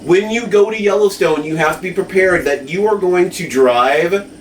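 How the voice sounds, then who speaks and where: A man's voice: high-pitched, normal speed. A man co-hosting a podcast in casual chat, rambling with lots of fillers and tag questions. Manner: rambling, full of fillers and "right?". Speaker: podcast co-host. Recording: echoey room, mic at a distance, faint noise.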